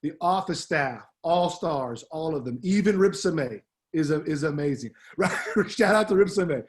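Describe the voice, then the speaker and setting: A man's voice: on the high side, expressive, normal speed. A middle-aged man, a departing assistant principal, giving an upbeat, heartfelt farewell speech on the school announcements, slangy and full of fillers.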